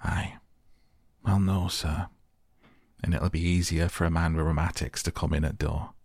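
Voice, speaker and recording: A man's voice: deep voice, level tone, normal speed, darkish tone, slightly rough, dry recording. A man voicing a dry, blunt old male gardener. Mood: gruff.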